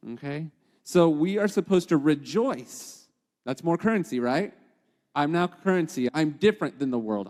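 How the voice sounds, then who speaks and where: A man's voice: fairly high pitch, expressive, normal speed, darkish tone, in a large hall. A man hosting a podcast and teaching scripture in a conversational devotional way, often checking in with his listeners by asking "okay?" and "right?".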